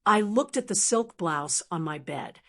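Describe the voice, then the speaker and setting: An older woman narrating a first-person audiobook story in a calm, measured, steady way. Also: medium pitch.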